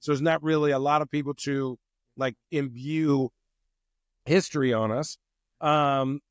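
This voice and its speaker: A man chatting casually as an interview guest, telling lively stories and acting out what people said. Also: mid-range voice, unhurried, dry recording, clean studio sound. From United States. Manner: animated storyteller who acts out quotes. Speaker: guest, wine company president.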